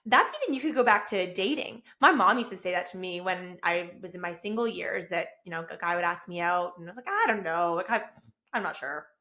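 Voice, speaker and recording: A woman in her thirties with a lowish voice talks fast and barely pauses on her solo podcast. She records herself with a camera and keeps things casual, effusive and enthusiastic, breaking into excited bursts.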